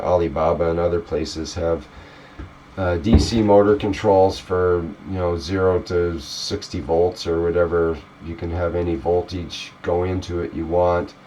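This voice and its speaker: A man from Canada hosting an online group call, explaining things in a relaxed way with many fillers. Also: low-pitched, a little hiss or hum. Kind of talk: casual group video call.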